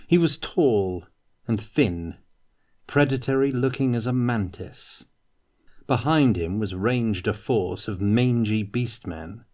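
A man reading a fantasy novel aloud in a measured, dramatic way. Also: lowish voice, darkish tone. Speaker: reader.

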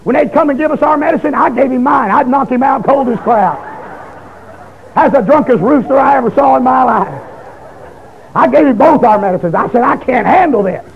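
A man, giving a fiery testimony sermon that swings into shouted, pleading bursts. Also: extremely high pitch, brisk, creaky, dull audio, slight background noise.

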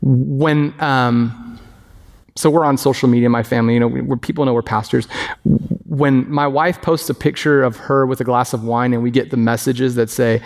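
A man preaching a sermon as pastor, animated and acting out the voices of others. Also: medium pitch, moderate pace, creaky. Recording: long reverb of a hall.

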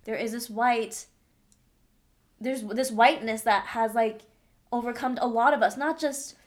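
A woman's voice: on the high side, steady tone, a little slow. A young adult woman talking in a candid, emphatic way in a casual chat.

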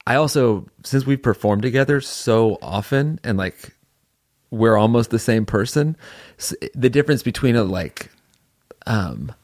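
A man's voice: medium pitch, lively intonation, measured pace, darkish tone, dry recording, clean studio sound. A young man chatting casually as a podcast co-host, rambling with lots of fillers and restarts. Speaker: podcast co-host and series director. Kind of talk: casual chat.

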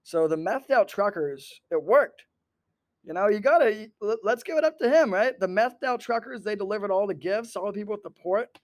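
A man hosting a comedy podcast, rambling through a profane, animated monologue that jumps between topics. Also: sits high, fairly quick.

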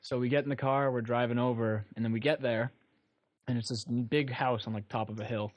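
A young man rattles quickly through a story on a casual podcast. He talks fast, and his story is full of "like" and restarts. His voice sits at an ordinary middle pitch. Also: steady tone, dry recording, muffled recording. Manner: rambling storytelling with many fillers. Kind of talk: casual chat.

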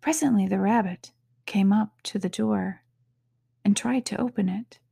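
A woman reading a storybook aloud in an unhurried, soft-spoken way, sometimes dropping to a whisper. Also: medium pitch, gravelly, slightly rough, no echo, clean studio sound. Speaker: podcast reader.

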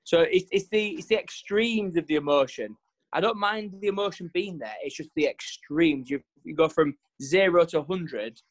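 A man in casual chat, telling family stories with lively quoted voices. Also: moderate pace. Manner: animated storyteller, jumps pitch for quoted voices. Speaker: podcast co-host.

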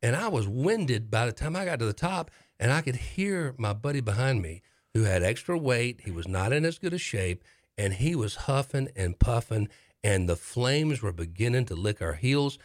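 A middle-aged man hosting a talk show, telling a dramatic story in a casual, animated way with repeated phrases for effect. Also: mid-range voice, moderate pace.

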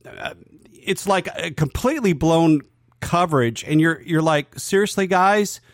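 Father co-host, male, slightly high voice, dry close sound, calm and agreeable. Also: dry recording. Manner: measured, agreeable, hesitant restarts. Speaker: podcast co-host, father of the other host. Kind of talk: casual sports podcast chat.

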